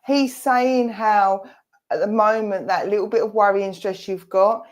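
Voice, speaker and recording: A woman's voice: medium pitch, fairly even intonation, unhurried. Chatty Essex woman giving a reading. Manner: chatty, reassuring, speaks for a spirit in asides. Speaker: presenter and medium. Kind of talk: giving an online mediumship reading.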